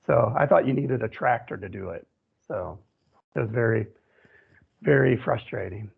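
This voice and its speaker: A man from central Wisconsin tells a story as a radio guest, rambling and looping back with "you know". His voice is gravelly and husky. It comes through a thin, phone-like line. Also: mid-range voice, normal speed. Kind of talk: telling a personal story in an interview.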